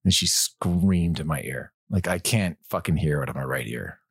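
A man, an actor guest on a podcast, telling stories in a loose, animated way, swearing freely and often restarting his sentences. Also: a bass voice, moderate pace, breathy edge, no echo, studio quality. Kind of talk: casual podcast chat.

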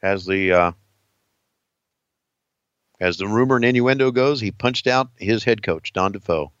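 A man's voice: on the low side, unhurried, clean tone, no echo, muffled recording. A man cohosting a podcast, chatting casually, swearing a lot and laughing easily. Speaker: podcast co-host. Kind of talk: casual profane chat.

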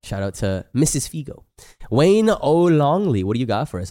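A man's voice: medium pitch, very animated, moderate pace, mellow. A young man co-hosting a casual podcast, laid-back and laughing often as he reads out comments, swearing freely. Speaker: podcast co-host. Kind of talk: casual chat reading comments.

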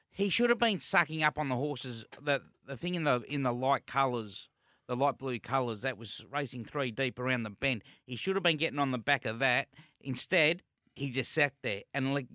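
A man's voice: medium pitch, normal speed, dry recording, clean studio sound. An Australian man co-hosting a racing radio show, arguing his opinions with heat. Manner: animated, heated opinions. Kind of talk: casual radio banter. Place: radio studio.

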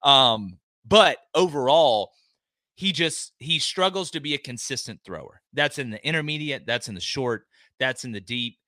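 A man as a guest sports analyst on a remote call, talking in an emphatic, folksy casual way and repeating words when excited. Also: mid-range voice, normal speed, dry recording. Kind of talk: animated casual podcast talk.

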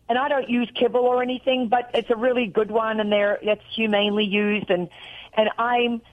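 A woman's voice: a little high, fairly even intonation, normal speed, narrow, tinny audio. Chatty Australian woman on the phone. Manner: rambling, talkative, jumps between thoughts. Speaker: radio show guest. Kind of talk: casual phone chat. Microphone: telephone.

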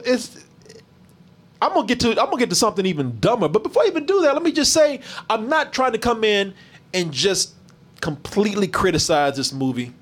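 A man hosting a casual movie review stream, animated, profane and mocking. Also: high voice.

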